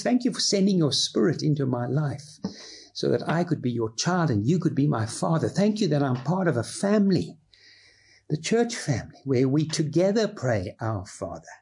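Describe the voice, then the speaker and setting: Husky preacher. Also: male voice, fairly high pitch. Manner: expressive reading, drops into casual asides. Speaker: pastor. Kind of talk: sermon.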